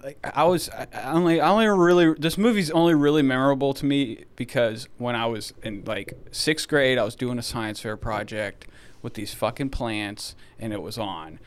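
A man in his thirties with a smooth, resonant voice talks about a movie in loose podcast chat. He swears constantly and rambles through animated stories. He keeps a mid-range pitch that is neither high nor low. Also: normal speed. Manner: profane, rambling, animated storytelling. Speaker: podcast co-host. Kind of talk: casual movie review chat.

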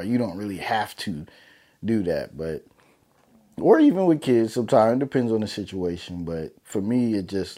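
Speaking straight to camera, a young man with a warm, somewhat low voice delivers a casual motivational talk as a vlogger. His tone is heartfelt and earnest yet loose and slangy, sprinkled with plenty of "man" and "you know."

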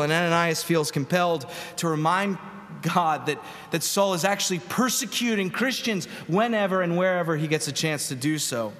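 A man's voice: sits high, animated, normal speed, a bit bright. A man preaching a sermon as pastor, in a conversational style with rhetorical questions to the congregation. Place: large church sanctuary. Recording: long reverb of a church hall.

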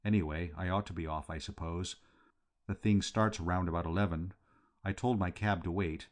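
A man voicing a timid, lovesick young English gentleman who speaks in a flat, hesitant way. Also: low voice, normal speed, natural voice.

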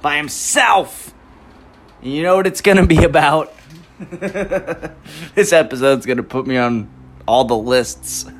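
A young man hosting a podcast alone, ranting and rambling, swearing constantly and breaking into laughter, his volume swinging from loud outbursts down to mumbles. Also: fairly high pitch, measured pace. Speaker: podcast host. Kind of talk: solo comedic podcast rant.

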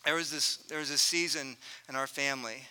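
A man in his thirties preaching a sermon, telling a family story earnestly and swinging from loud to hushed. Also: medium pitch, fairly even intonation, brisk, clean tone. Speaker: pastor.

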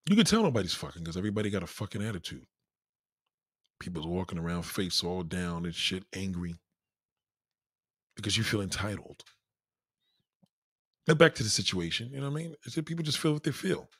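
A man hosting a casual livestream, riffing loudly and acting out quoted voices, reading chat names aloud. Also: low voice, brisk, pauses often, slightly rough, dry recording, studio quality. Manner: loud, animated riffing, acts out quoted voices. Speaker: livestream host.

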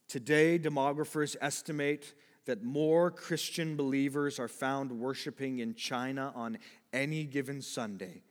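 A man preaching a sermon, moving between loud, emphatic exhortation and quiet, low explanation. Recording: long hall reverb.

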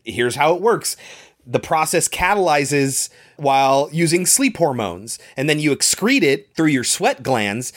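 A man's voice: mid-range voice, a bit bright. A man co-hosting a casual podcast, explaining a film's plot in a rambling way with many fillers. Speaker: podcast co-host. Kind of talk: casual movie-recap chat.

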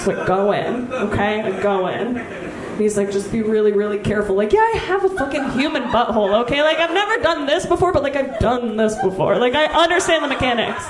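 A brash woman comedian tells a crude story in a stand-up set, with a high voice that swoops widely. She talks slowly, and the live stage recording is echoey with loud noise behind it. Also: very animated.

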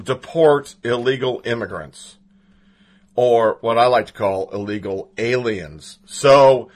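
A man hosting a political podcast, talking casually and with strong opinions, stumbling over names now and then. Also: mid-range voice. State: has the hiccups. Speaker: podcast host.

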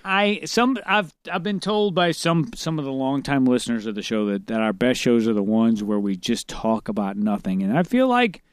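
A man hosting a podcast in casual chat, excitable, rambling and profane. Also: mid-range voice, moderate pace, hardly any pauses, smooth, dry recording. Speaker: podcast host.

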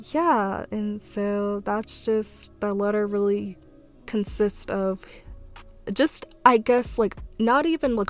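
A young woman, hosting a podcast, speaking softly and tearfully, with halting fillers as she reads a letter aloud. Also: medium pitch. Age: young adult. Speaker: podcast host. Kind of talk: reading a letter and a poem, then casual talk.

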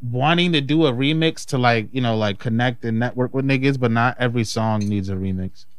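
A man's voice: mid-range voice, brisk, smooth. A young man co-hosting a podcast, playful and joking, often repeating his phrases. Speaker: podcast co-host. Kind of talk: casual chat.

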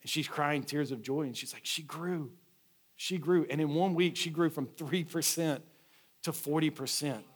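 A man's voice: a little high, moderate pace, husky. A man, a lead pastor, preaching a sermon in a conversational storytelling way, often restarting his phrases.

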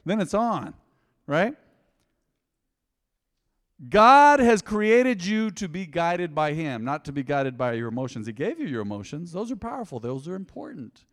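A middle-aged man preaching a sermon in a church, passionate and emotional, swinging between loud excitement and quiet, earnest talk. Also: a little high, a little slow. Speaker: pastor. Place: church sanctuary. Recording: long hall reverb.

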